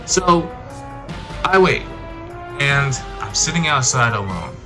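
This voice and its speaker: A young man tells a personal story to his viewers, animated and chatty, with plenty of filler words. His voice sits in a middling pitch. Background music runs under his voice. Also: slow. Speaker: vlogger. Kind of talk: storytime narration.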